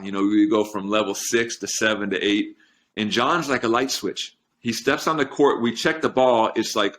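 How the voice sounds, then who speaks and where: A middle-aged man shares personal stories in an earnest, heartfelt way. His voice sits low, and he talks like a strength coach chatting on an interview show. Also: fairly bright tone. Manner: earnest storytelling, gets emotional. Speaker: podcast guest, strength coach. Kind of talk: casual interview chat.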